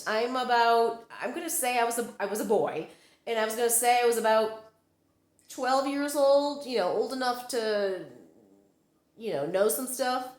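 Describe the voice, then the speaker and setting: This psychic medium vlogger, filming on the phone she's holding, rambles through personal stories packed with fillers and self-corrections. Her voice sits on the high side and sounds reverberant.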